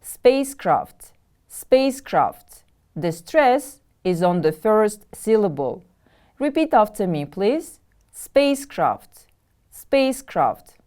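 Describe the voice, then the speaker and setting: A woman from Kyrgyzstan teaching a televised English vocabulary lesson, speaking slowly and carefully and repeating each word for her pupils. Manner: slow, careful, lively pitch, repeating words for pupils.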